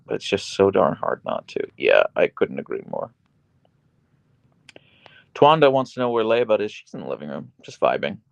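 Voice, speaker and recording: Creaky-voiced man chatting on a livestream. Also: no room sound. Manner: coos in high baby talk to his dog. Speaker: livestream host reading chat. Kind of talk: casual livestream chat. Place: small bedroom at home.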